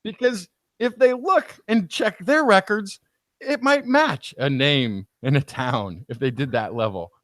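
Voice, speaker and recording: A man co-hosting a science podcast, talking in an animated, storytelling way. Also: high-pitched, measured pace, dry recording, clean studio sound. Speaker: podcast co-host. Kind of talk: casual chat.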